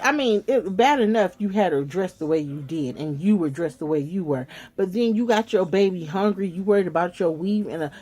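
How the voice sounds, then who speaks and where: A woman vlogger, telling a story straight to her viewers in an animated, casual way. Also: fairly low pitch.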